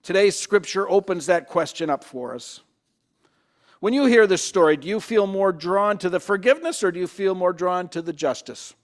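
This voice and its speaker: Preaching at a moderate pace in a voice that sits high, the pastor keeps his sermon conversational. He poses questions to the congregation, voices the people he quotes, and occasionally repeats words as he starts over.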